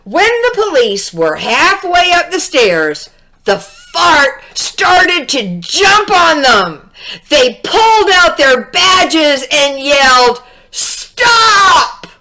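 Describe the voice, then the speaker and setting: Slow, lively woman reading a kids' story. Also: high-pitched. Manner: expressive, drawn-out storytelling with asides. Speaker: read-aloud storyteller. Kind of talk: children's storybook read-aloud.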